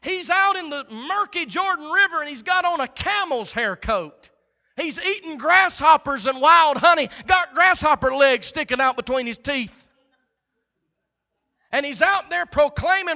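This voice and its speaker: A male pastor preaching a sermon with a very high, bright, forceful voice. His delivery is rhythmic, dropping to near-hushed passages and then rising into shouted climaxes. The recording is muffled and lo-fi. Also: lively intonation, measured pace.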